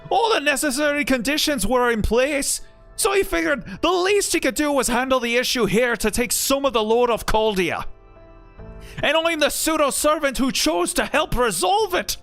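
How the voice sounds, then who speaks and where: A man's voice: very high voice, animated, normal speed, fairly bright tone, faint music behind, voice pushed up, full character voice. A man putting on a hammy fantasy-Irish god. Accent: caricatured fantasy Irish (put on). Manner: exaggerated, strained lilting delivery. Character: brash fantasy god in a young caster's body.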